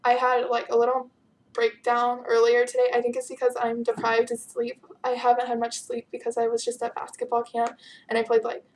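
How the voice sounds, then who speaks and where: A woman's voice: a little high, completely flat delivery, brisk. A teenage girl chatting casually as she answers viewer questions in her vlog, giggly and bubbly, sounding tired. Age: teens. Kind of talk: casual chat.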